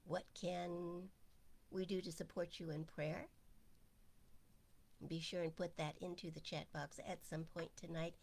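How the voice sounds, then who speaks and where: A woman minister hosting an online service in a playful, chatty way, slipping into quiet asides. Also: fairly low pitch. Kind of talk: casual livestream chat.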